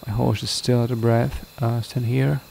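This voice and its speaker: A gaming video creator gives casual let's-play commentary on a strategy game, thinking aloud with lots of ums and reading the game's prompts aloud. His creaky, medium-pitched voice moves at a normal speed with little pitch movement, over a noisy background.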